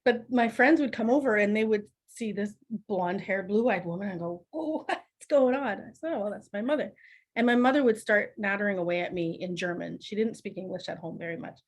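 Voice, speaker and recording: A middle-aged woman, a podcast guest telling family stories in a lively, laughing, conversational way. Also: medium pitch, a little fast. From Canada. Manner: laughs often, animated anecdotes with acted quotes. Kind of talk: conversational storytelling.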